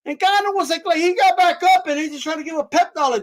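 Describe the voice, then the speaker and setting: A man's voice: very high-pitched, fast. A man streaming live, ranting heatedly and mockingly about boxing with constant profanity.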